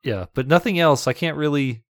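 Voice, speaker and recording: A podcast co-host with a slightly high voice chats casually about a movie in a fairly quick, studio-quality, dry recording. He laughs often and acts out quotes as part of the review banter.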